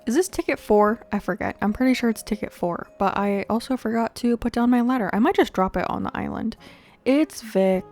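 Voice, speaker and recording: A bright, slightly high-voiced young woman talks casually through a game session, joking and laughing with her viewers as she goes. Soft background music plays under her voice. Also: brisk. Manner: chatty, playful, laughs often, talks to viewers. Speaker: video game streamer. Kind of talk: casual gameplay commentary.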